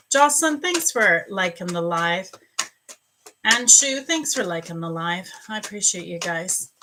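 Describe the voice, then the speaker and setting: A woman's voice: medium pitch, noisy background. A woman hosting a live stream as a psychic reader, chatting and greeting viewers by name between angel card readings.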